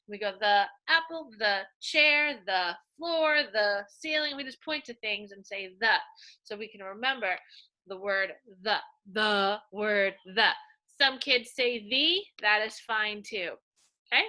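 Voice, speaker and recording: A woman teaches sight words to young children in a slow, sing-song voice. Her tone is very bright and a little high, and she stretches out each word. She sounds animated and patient as she points through her pictures. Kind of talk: early-reading lesson for young children.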